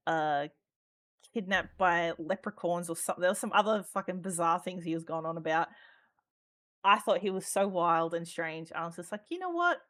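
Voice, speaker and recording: Woman, Australian accent, low-pitched, casual podcast chat, swears, um-filled. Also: a bit bright. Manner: chatty, swears freely, many ums, laughs often. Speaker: podcast guest, roleplayer.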